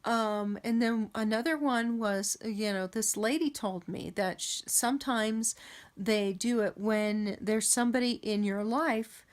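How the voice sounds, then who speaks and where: A woman telling a story about a dream in a casual, rambling way, with many pauses and restarts. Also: a little high. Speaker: vlogger recounting dreams. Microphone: camera.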